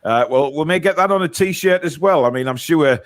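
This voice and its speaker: A man's voice: on the high side, fairly quick, dry recording. Chatty male stream host. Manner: chatty, reads viewer comments, many fillers. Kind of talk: casual live-stream chat.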